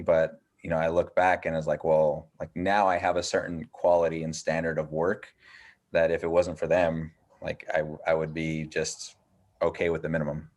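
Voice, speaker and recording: Deep-voiced man, halting podcast guest. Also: monotone, a little mellow. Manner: halting, repeats words, reflective. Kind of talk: casual chat.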